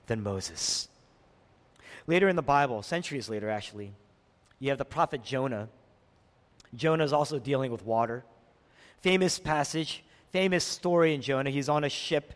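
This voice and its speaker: A male pastor preaching a sermon, asking rhetorical questions and swinging from emphatic peaks to low, quiet lines. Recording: long hall reverb.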